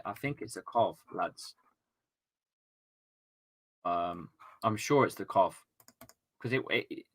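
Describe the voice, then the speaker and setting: Excitable, sweary East Midlands football fan. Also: male voice, medium pitch. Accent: East Midlands English. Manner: excitable, sweary, rambling banter. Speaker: host of a fan watchalong stream. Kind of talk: live football fan watchalong commentary.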